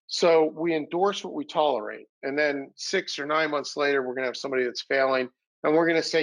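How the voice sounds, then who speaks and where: Man, gravelly voice, slightly winded, energetic sales coaching, video call. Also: mid-range voice, fairly quick, poor audio. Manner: energetic coaching, acts out quoted dialogue. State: a little winded, recovering from illness. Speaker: sales trainer presenting a webinar. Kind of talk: webinar talk.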